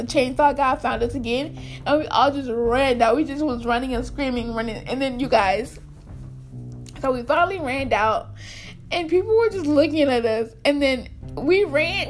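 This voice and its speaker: High-voiced woman telling a funny story. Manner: animated, laughs through her story, talks to viewers. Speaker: vlogger. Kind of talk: storytime vlog.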